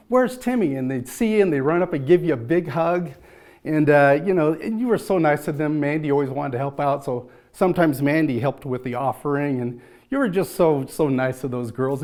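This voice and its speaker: A middle-aged man with a somewhat high voice speaks informally at a church farewell, honoring a friend of three decades. He rambles through his stories with frequent fillers and keeps a loose, conversational tone. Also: darkish tone. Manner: chatty and rambling, lots of "uh" and "you know". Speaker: longtime friend giving a tribute.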